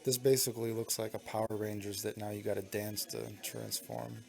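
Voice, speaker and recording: A man's voice: on the low side, flat delivery, a little fast, creaky, loud music behind the voice. A young man vlogging while walking city streets at night, rambling and swearing, talking into a handheld phone. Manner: profane, rambling, lots of "dude". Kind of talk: casual vlog narration.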